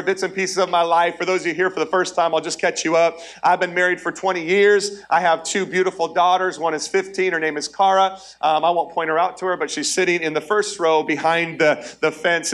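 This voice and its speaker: A man's voice: high-pitched, a bit bright. A man in his forties preaching a sermon in a church, conversational and humorous, calling out to the congregation. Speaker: pastor. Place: church auditorium.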